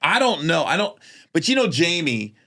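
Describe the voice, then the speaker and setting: A man co-hosting a podcast as a comedian, telling stories in casual chat and acting out quotes in high voices. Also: big pitch swings, normal speed, bright, forceful tone.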